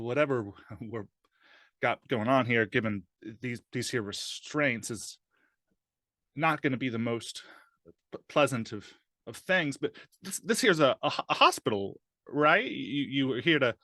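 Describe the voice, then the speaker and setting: A man voicing a nervous, earnest man strapped to a gurney in a tabletop game, talking in a halting, stammering, pleading way. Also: mid-range voice, bright, forceful tone, no room sound, studio quality, pitched above the performer's own voice.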